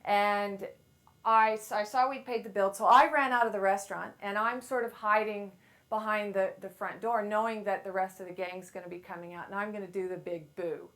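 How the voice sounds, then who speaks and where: A woman's voice: mid-range voice, fairly even intonation, moderate pace. A middle-aged woman giving a playful, self-deprecating motivational talk to a live audience on a handheld mic. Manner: playful, self-deprecating storyteller who acts out quotes loudly. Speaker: speaker at a women's event.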